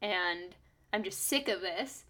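A woman's voice: mid-range voice, takes it slowly, bright, forceful tone. A young woman musician co-hosting a podcast in casual chat, talking with many fillers and restarts and laughing often.

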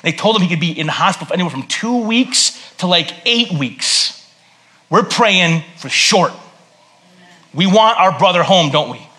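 A man preaching a sermon as a pastor in a church service, conversational and joking, swinging between loud bursts and hushed earnest tones. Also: high-pitched, animated, moderate pace.

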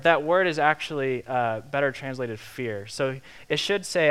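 A young man preaching a sermon in a lively, conversational way, acting out the quotes he tells. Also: a little high, measured pace, smooth. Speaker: pastor.

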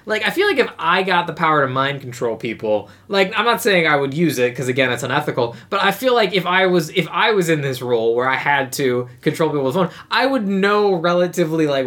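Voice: medium pitch, expressive, fast, few pauses, fairly bright tone. A podcast co-host in casual chat about a movie, rambling and hesitant with many restarts.

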